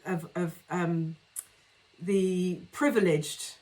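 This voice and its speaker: A woman's voice: on the low side, fairly even intonation, very slow, a little mellow. A woman co-hosting a podcast, chatting about a film with enthusiasm, frequent laughs and lots of ums and uhs. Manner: enthusiastic, giggly, lots of fillers. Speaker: podcast co-host. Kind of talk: casual film discussion.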